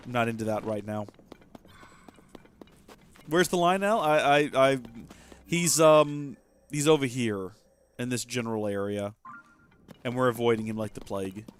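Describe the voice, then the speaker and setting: A man hosting a casual gameplay livestream, rambling and self-deprecating as he chats with viewers. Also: mid-range voice. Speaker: livestream host.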